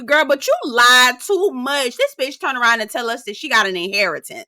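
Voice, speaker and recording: A woman's voice: fairly high pitch, animated, moderate pace, bright, forceful tone, no room sound, studio quality. A woman recapping a reality show in casual commentary, sassy and profane, mimicking the cast and laughing often.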